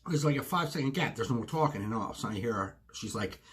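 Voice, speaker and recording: A man's voice: mid-range voice, lively intonation, rapid-fire, a bit bright. A man telling an exasperated story in a solo rant for a podcast he co-hosts, full of asides. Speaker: podcast co-host. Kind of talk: ranting solo monologue. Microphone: self-recorded video.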